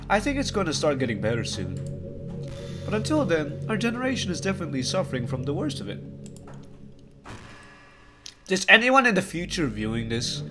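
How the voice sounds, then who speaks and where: Guy doing an earnest teen girl voice, chatty, bouncy pitch, game dialogue. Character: cheerful teenage girl musing about life. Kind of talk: reading game dialogue aloud.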